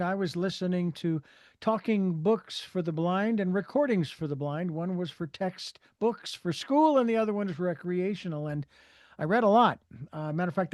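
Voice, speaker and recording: A man in his sixties from Phoenix, Arizona, hosts an interview show in a high-pitched voice. He rambles and hesitates with many fillers. The sound is dry and close, with no room echo. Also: darkish tone. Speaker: radio show host. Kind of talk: interview hosting.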